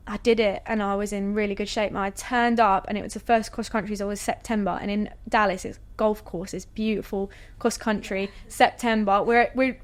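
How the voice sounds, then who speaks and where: A woman, a guest athlete telling her story in a relaxed, chatty way, full of "like" and "you know". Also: mid-range voice. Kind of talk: casual storytelling interview.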